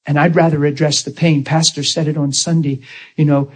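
Husky man preaching a sermon. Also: a little high, level tone, fairly quick. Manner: folksy storytelling, acts out quoted voices.

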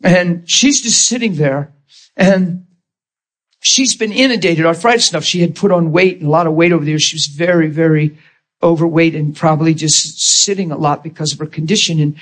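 A male preacher telling a story in a sermon, animated and emotional. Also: on the high side.

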